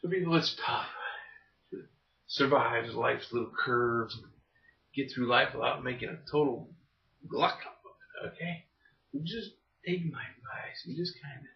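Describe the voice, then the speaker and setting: A man from Florida telling a stand-up comedy story in a rambling, folksy way, often checking in with "okay?". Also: a little high. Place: a home living room. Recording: dull, roomy sound from a distant mic.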